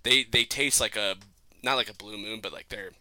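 Young male podcast host, very bright voice, loose profane banter, laughs a lot. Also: fairly low pitch, moderate pace. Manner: profane, rambling, laughs often. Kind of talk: casual chat.

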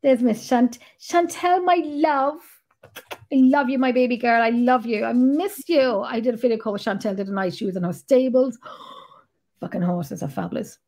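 This is a middle-aged woman, hosting a casual chat. Her voice sits on the high side, and she rambles along and swears freely. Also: normal speed, a little mellow. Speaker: podcast host.

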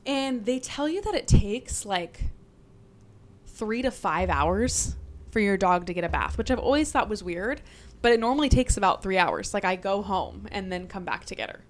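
A young woman telling a story on a podcast in a casual, animated way, swearing freely and peppering her talk with "like". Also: mid-range voice, normal speed. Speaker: podcast guest.

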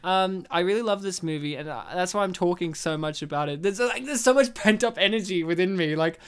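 An excitable woman hosts a casual movie chat, talking a lot and laughing between thoughts. Her voice sits a little low for a woman. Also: a little fast, clear, resonant tone. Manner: excitable, talkative, laughs often. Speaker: podcast host.

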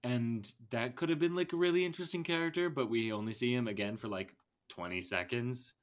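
A man talks through a film's plot on a casual podcast, wandering from point to point. He restarts his sentences often and fills pauses with ums. His voice sits at an ordinary middle pitch. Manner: meandering, lots of fillers and restarts. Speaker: podcast co-host. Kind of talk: casual film discussion.

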